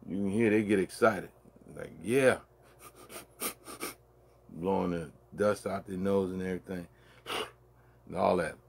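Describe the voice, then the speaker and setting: A deep-voiced man with a husky, grainy tone tells a rambling story in an easy, conversational way. He keeps checking in with the listener and circles back on his words as he goes. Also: fairly even intonation. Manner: loose and conversational, peppered with "man" and "you dig"; drawn-out, trailing delivery with many restarts. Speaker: show host. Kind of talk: casual storytelling monologue.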